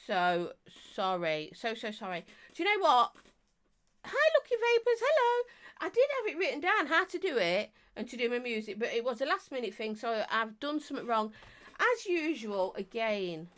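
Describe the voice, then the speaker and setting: A woman with a croaky, mid-range voice and a fairly bright tone chats casually on a live stream. She reviews vapes and greets viewers in a talkative, self-deprecating way.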